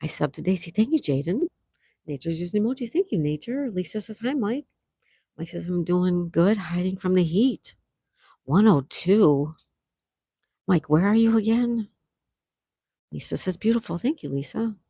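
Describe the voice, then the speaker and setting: A woman's voice: fairly low pitch, expressive, normal speed, pauses often, husky, dry recording, clean studio sound. A middle-aged woman hosting a casual outdoor livestream, reading viewer comments aloud and thanking them with sweet exclamations. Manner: soft-spoken with sweet exclamations. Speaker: livestream host. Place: outdoors near calm water.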